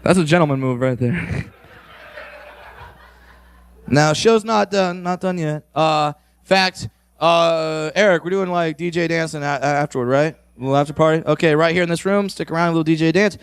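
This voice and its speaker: A man's voice: on the high side, normal speed, clean tone, no room sound. A man doing a stand-up set, brash and crude, working the crowd and teasing audience members from the stage. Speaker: stand-up comedian. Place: on stage at a comedy club.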